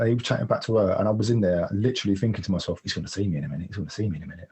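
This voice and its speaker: Guy, low husky voice, talks fast, retelling his own story in a rush. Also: darkish tone. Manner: rapid, vivid retelling with restarts. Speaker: guest. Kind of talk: personal storytelling in conversation.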